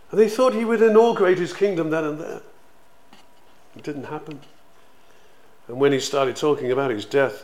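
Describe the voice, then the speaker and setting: Brief: male preacher, conversational teaching style, lively storyteller, voice a touch high. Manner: conversational, animated storytelling with acted quotes. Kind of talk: sermon teaching.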